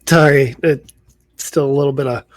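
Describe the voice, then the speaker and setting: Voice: medium pitch, fairly even intonation, moderate pace, no room sound. A tabletop role-play player speaking hesitantly, with lots of stammers and restarts. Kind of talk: in-character improv role-play.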